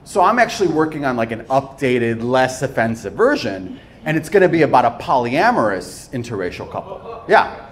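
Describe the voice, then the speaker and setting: A man doing a live stand-up comedy set on a club stage, with a playful, animated delivery and pauses for laughs. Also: medium pitch. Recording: noisy live club recording.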